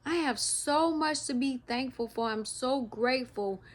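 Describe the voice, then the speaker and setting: A woman talking through her feelings in a personal vlog, halting and emotional, often restarting her sentences and speaking of her faith. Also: high-pitched. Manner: faith-filled, speaks of God. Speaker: vlogger.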